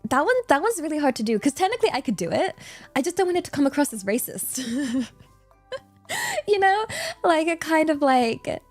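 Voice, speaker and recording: Giggly woman streaming. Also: high-pitched. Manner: rambling, giggly, many fillers. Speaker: VTuber streamer. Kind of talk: casual livestream Q&A chat.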